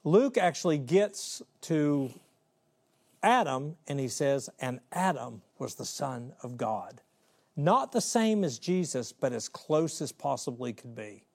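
A man preaching a sermon, emphatic, swinging between raised and hushed delivery and acting out little voices in his stories. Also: medium pitch, vocal fry. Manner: acts out little voices of God, Satan and his kids.

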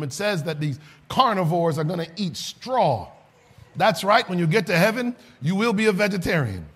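A man preaching a sermon, reading scripture and building from quiet explanation into shouted, sing-song climaxes. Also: high voice.

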